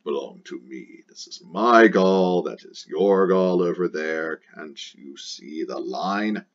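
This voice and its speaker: A man's voice: low-pitched, lively intonation, slow, muffled recording. A man playing a boastful ancient chieftain who mockingly claims his land as his own. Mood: taunting.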